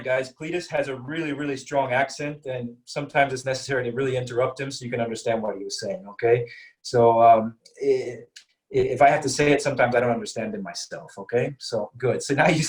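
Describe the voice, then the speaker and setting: A man's voice: medium pitch, fast talker, low-quality recording. A man teaching an English class over a video call, explaining patiently and checking in with "okay?" after nearly every point.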